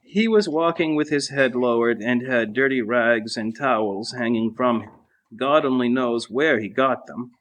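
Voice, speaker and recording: Man reading a saint's life aloud. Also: medium pitch. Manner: measured, even reading with small slips. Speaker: reader. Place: monastery refectory during a meal.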